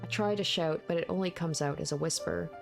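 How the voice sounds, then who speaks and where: A woman's voice: low-pitched, a little fast, vocal fry, over music. A woman reading a visual novel aloud, narrating steadily and breaking into candid asides. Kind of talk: game read-aloud with commentary.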